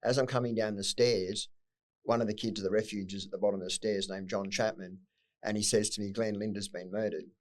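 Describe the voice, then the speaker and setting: Blunt, fast-talking Australian man. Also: on the low side, flat delivery. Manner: blunt, swears freely, emotional at times. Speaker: podcast guest. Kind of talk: candid personal storytelling.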